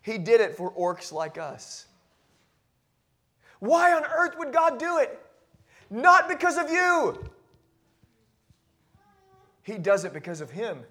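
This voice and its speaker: A man preaching a sermon as pastor, moving from quiet reflective passages to loud, emphatic declarations and often repeating words as he builds. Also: very high-pitched, sing-song, slow pace, long pauses. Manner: repeats and restarts words when carried along.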